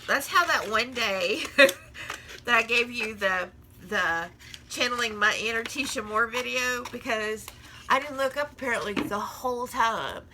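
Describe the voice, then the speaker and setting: A woman's voice: on the high side, a little slow, noisy background. A woman in a casual crafting vlog, chatting and rambling while she works, often laughing at herself. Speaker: crafting vlogger.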